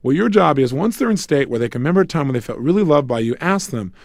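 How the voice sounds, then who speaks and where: A man giving a motivational seminar on relationships, talking in an animated way and acting out couples' arguments with joking asides. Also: fairly high pitch, fast talker, vocal fry, dry recording, clean studio sound. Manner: animated, acts out quarrels between couples. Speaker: self-help speaker.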